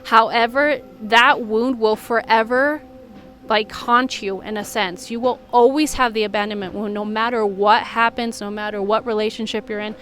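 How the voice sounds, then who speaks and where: A woman's voice: fairly high pitch, steady tone, moderate pace, a bit bright. A woman who works as a healing coach talks in a candid, earnest vlog monologue, with frequent "like" fillers.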